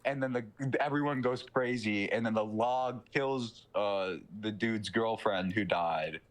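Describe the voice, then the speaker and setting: A man's voice: on the low side, measured pace. A young man in casual chat, retelling a film plot in a rambling way full of fillers and swearing.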